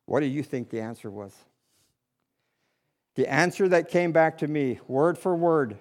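High-voiced male pastor preaching. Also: animated, a little slow, pauses often. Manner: swings between loud urgent appeals and hushed low asides; repetitive preaching cadence. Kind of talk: sermon.

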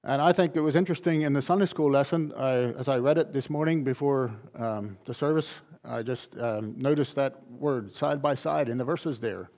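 A man's voice: medium pitch, normal speed, few pauses, darkish tone. A man pastor delivering a sermon, driving points home with emphatic, repeated phrases. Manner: emphatic, repetitive preaching cadence.

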